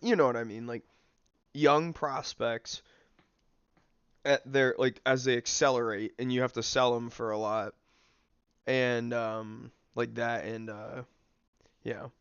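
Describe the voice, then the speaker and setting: A man's voice: mid-range voice, clear, resonant tone, dry recording, highs cut off. A young man streaming a game, chatting casually with lots of fillers while he snacks. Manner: rambling, filler-heavy, snacking while talking. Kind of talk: casual livestream commentary.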